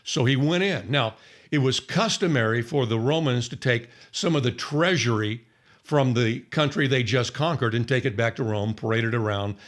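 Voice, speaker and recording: A man's voice: medium pitch, moderate pace. A man teaching on the Bible in a conversational storytelling way, acting out the people he quotes. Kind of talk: sermon-style Bible teaching.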